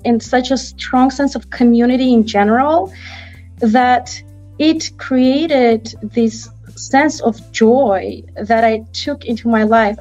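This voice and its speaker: A woman's voice: fairly high pitch, a little mellow, muffled recording. A woman from Armenia, an author speaking earnestly and reflectively in a video interview. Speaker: children's book author.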